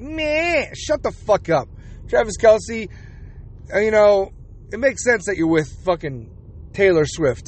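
A young man hosting a podcast, delivering an angry, sweary, sarcastic solo rant. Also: sits high. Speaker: podcast host.

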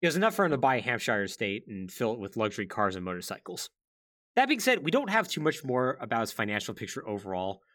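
Animated man hosting a podcast. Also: medium pitch, fast. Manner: chatty, heavy use of "like", wry asides. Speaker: podcast host. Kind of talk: casual gaming-history chat.

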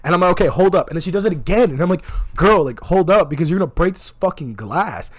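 A young man talks in a quick, excitable rush, peppered with swearing. His voice sits slightly high. He tells the story casually and acts out each quoted line. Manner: profane, animated, acts out quotes.

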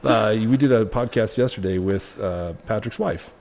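Male podcast host, quick and loose, low register, recorded in a bar with light background noise. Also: a little mellow. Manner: loose, joking, swears, fast talker. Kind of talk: casual chat.

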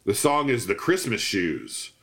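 A man's voice: on the low side, huge pitch swings, measured pace, a bit bright. Man reading out a list, laughing. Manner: reads out lists, laughs often. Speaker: podcast co-host. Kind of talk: casual chat.

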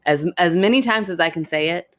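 Low-voiced gushing woman podcaster. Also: fairly quick, a bit bright. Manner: enthusiastic, gushing recommendations; laughs easily. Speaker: podcast co-host. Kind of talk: casual chat.

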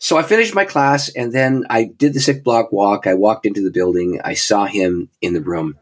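A man's voice: on the low side, moderate pace. An older male pastor telling a personal story, acting out the dialogue and laughing at his own lines. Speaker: pastor and guest speaker.

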